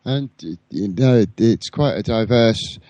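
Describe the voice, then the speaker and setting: A man interviewing a guest on a radio show, asking long questions with many hesitant pauses. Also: medium pitch, mellow, no room sound.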